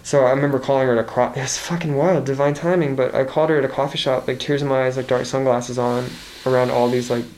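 A man's voice: mid-range voice, flat delivery, quick pace, hardly any pauses, darkish tone, slight background noise. A young man in his twenties talking candidly as a podcast guest, rambling with many restarts and frequent swearing. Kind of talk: candid casual conversation.

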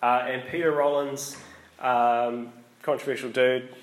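A man preaches in a loose, conversational way, stopping for ums and rephrasing as he goes. His voice sits at a middle pitch. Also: flat delivery, a little slow. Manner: conversational, frequent ums and restarts. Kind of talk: casual sermon.

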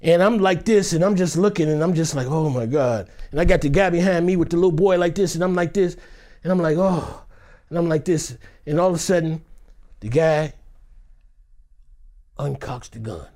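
A man's voice: a little high, brisk, a little mellow. A man from Detroit telling a dramatic personal story vividly, acting out the voices of the people in it. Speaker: actor telling his story. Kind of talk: animated storytelling.

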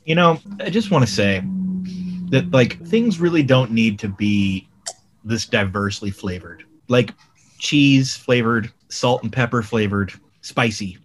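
A man's voice: mid-range voice, animated, a little slow, slight background noise. A man co-hosting a casual chat from home, making wry jokes and swearing now and then. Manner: wry, joking, profane. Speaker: podcast co-host at home.

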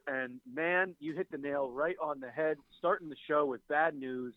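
A man, co-hosting a casual sports podcast in an animated, enthusiastic way. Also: a little high, normal speed, few pauses, dry recording, rough recording. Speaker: podcast co-host.

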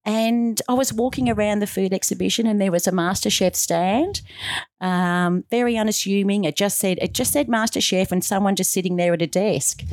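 A woman's voice: mid-range voice, normal speed, dry recording, studio quality. A middle-aged woman being interviewed as a guest, telling her story in an earnest, heartfelt way and acting out the dialogue she quotes. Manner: animated, acts out quoted dialogue.

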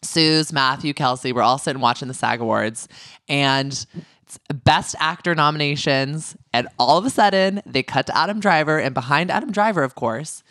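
A man's voice: on the high side, moderate pace, bright, forceful tone, no room sound, clean studio sound. A man co-hosting a podcast, chatting casually and bluntly about reality-show gossip with a sassy edge. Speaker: podcast co-host.

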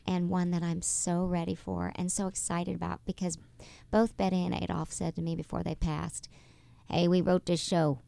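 A woman guest in a casual studio interview, talking in a bubbly, effusive way and using warm terms of endearment. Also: lowish voice, creaky, smooth. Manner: bubbly and effusive, with quick laughs and affectionate terms. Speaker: interview guest, stage performer. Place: radio studio.

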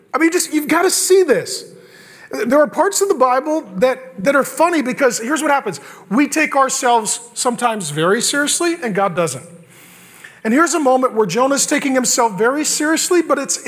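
A man's voice: very high voice, fairly bright tone. A male pastor preaching a sermon with humor, acting out biblical characters in quoted asides.

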